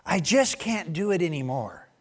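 Timid, worn-out tendril, played by a man, blurting complaints slowly, fairly high, for a storybook sermon. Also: sing-song, big-room sound. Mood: whiny. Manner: whiny, blurting.

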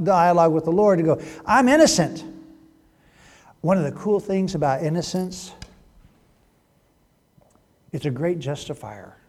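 Man chatting through a bible passage, higher voice, lots of "isn't it?", echoey hall. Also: a little mellow. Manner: chatty, rhetorical questions to listeners. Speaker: Bible teacher. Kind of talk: conversational Bible teaching.

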